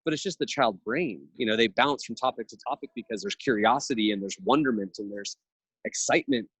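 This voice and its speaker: A reflective man in his thirties talks in long, earnest stretches, with a slightly low voice. He sounds close and dry, with no room sound around him. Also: fairly quick, a bit bright, breathy edge, dry recording, low-quality recording. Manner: earnest, reflective, speaks in long thoughtful runs. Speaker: podcast guest. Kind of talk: casual conversational interview.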